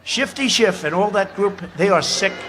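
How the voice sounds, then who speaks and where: A man's voice: sits high, animated, moderate pace. A man giving a rally speech from a podium microphone, boastful and mocking, with rambling asides. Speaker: political speaker at a rally. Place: outdoor campaign rally before a large crowd. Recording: loud cheering crowd behind the speaker. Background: crowd noise and cheering.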